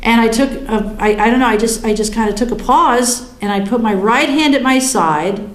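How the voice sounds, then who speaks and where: A woman telling her own near-death story in a wry, humorous, animated way. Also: a little high, moderate pace, roomy sound, low-quality recording. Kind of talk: personal storytelling.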